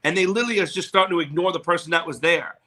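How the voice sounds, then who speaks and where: A man co-hosting a casual chat, telling animated stories and mimicking others. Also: rapid-fire. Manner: animated storyteller, mimics others in high voices. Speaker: podcast co-host.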